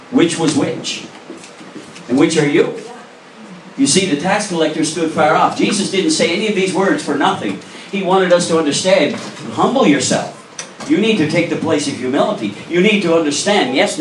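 In a church sanctuary, a male pastor preaches a sermon, earnest and emphatic, pressing the congregation with direct questions. His voice is a little high and comes from a distance with a roomy echo and a bit of hiss or hum.

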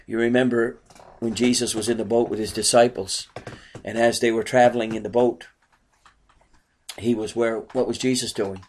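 A man's voice: medium pitch, fairly even intonation, normal speed, long pauses, darkish tone. Earnest male preacher delivering a sermon. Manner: earnest preaching with many rhetorical questions.

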